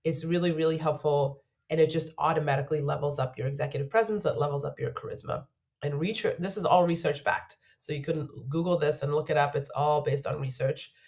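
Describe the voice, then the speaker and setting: A woman's voice: deep voice, fairly even intonation, brisk, darkish tone. A woman job search coach getting over a cold, giving earnest, emphatic advice to camera in a video, repeating her key points.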